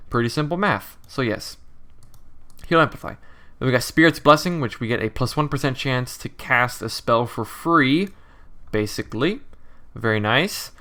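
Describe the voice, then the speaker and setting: A young man with a bright, nasal voice walks through his code as he types, his throat a little irritated from long talking. He rambles in a loose, thinking-aloud way, stopping to correct himself, with keyboard typing behind him. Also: mid-range voice. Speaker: game developer. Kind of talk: casual coding commentary.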